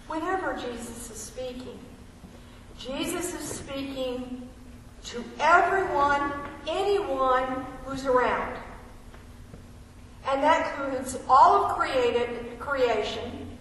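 Preaching in a questioning, conversational style, a woman with a high-pitched, fairly bright voice reads scripture and quizzes her listeners. There is slight background noise, and the hall echoes around a mic placed far away.

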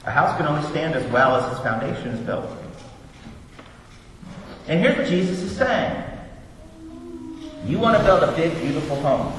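Lively preacher man in echoing church. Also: on the high side, moderate pace, long pauses. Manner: animated, joking, self-deprecating. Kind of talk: sermon. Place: church sanctuary. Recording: echoey hall from far off, faint noise.

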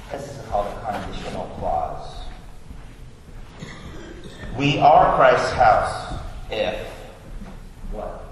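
A man's voice: medium pitch, slight background noise. A young adult man preaching a sermon in a church, with a conversational, teacherly manner that poses questions and answers them. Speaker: pastor. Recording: echoey hall from far off.

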